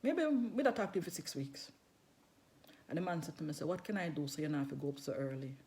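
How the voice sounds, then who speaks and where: A woman's voice: deep voice, animated, fast, a little mellow. A middle-aged woman, telling a personal story casually with patois and frequent laughter. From London.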